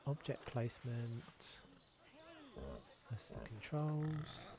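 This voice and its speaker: A man's voice: lowish voice, animated, a little slow, noisy background. Man muttering through his gameplay. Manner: muttering to himself, self-deprecating, chatty. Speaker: gameplay video creator. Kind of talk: thinking-aloud gameplay commentary.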